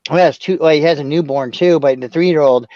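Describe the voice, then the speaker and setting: Male guest, high voice, rambly storyteller, muffled dry mic. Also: fast talker, a little mellow, no echo. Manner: rambling storyteller, laughs often. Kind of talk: casual chat.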